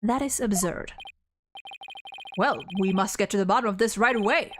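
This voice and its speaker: Fussy old male judge in a courtroom game, read by a woman, pompous and hurried, pitched below her usual voice. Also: a bit bright, slight background noise, natural voice. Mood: indignant.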